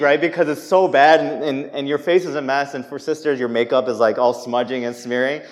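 A young man preaching a sermon in a church, conversational and animated, acting out people's reactions as he speaks. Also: a little high, fairly quick, few pauses. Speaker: pastor.

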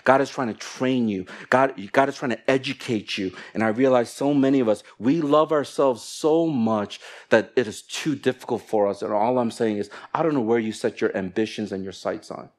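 Animated male pastor preaching. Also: medium pitch, moderate pace, few pauses. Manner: animated, acts out little quoted exchanges in shifting voices. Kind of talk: sermon. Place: church.

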